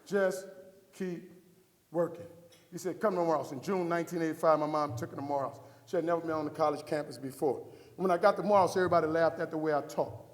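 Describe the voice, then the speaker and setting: A man's voice: fairly high pitch, fast talker. A middle-aged man giving an inspirational keynote speech, telling a story and acting out the dialogue with a preaching cadence. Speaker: motivational speaker. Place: large hall before a live audience. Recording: echoey hall from far off.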